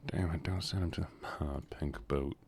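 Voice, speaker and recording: A man streaming a game in a quiet, soft-spoken way, drawling and sometimes dropping to a whisper, close to a desk mic at home. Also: rumbling low, fairly even intonation, normal speed, breathy edge.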